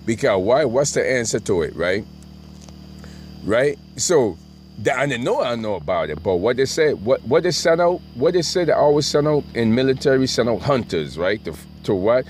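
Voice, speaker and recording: A man's voice: mid-range voice, very animated, moderate pace. A middle-aged man telling a rambling, profane story and often asking "right?". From Brooklyn, New York.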